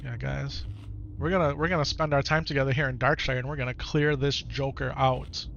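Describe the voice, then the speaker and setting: A man's voice: mid-range voice, fairly even intonation, fairly quick, gravelly, fairly bright tone, dull audio, slight background noise. Chatty Wisconsin-accented streamer man. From Wisconsin, United States. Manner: chatty and easygoing, often repeats his own phrases. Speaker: game streamer. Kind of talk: live gameplay commentary while reading chat.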